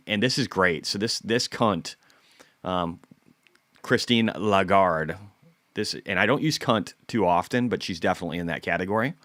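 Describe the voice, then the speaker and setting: Low-voiced blunt male host, casual market talk, dry close sound. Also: normal speed, dry recording. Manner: blunt, profane, animated.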